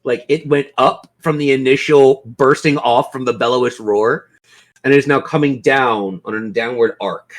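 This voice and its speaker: Laughing tabletop game master. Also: mid-range voice. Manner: playful, laughs often, slows down for dramatic narration.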